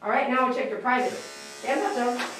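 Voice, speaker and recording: A woman dog groomer on a live stream, talking softly and emotionally to a dog while she grooms it. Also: on the high side, normal speed. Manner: soft, emotional, coaxing talk to a dog. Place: grooming room. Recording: roomy sound from a distance over faint noise.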